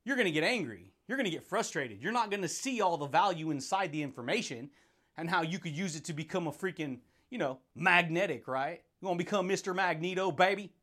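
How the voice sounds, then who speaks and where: Man, high voice, hyped motivational podcast host, playful, laughs a lot. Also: lively intonation, brisk, pushed and bright. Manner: hyped, playful, laughs often, calls listeners buddy and dude.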